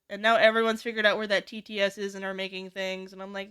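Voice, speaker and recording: A young adult woman from the United States, chatting on stream in a casual, animated way, swearing freely and jumping high when she quotes people. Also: fast talker, hardly any pauses, clean tone. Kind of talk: casual chat while working on stream.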